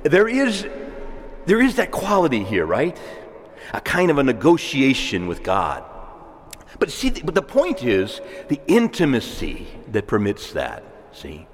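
A male priest giving a sermon in a conversational way, with asides and soft laughs. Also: mid-range voice, huge pitch swings, unhurried. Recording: long reverb of a church hall.

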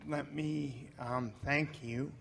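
A man with a gravelly voice speaks slowly and earnestly, pausing as he thanks someone. A crowd can be heard clearly around him. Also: medium pitch, fairly even intonation. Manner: slow, halting, earnest thanks.

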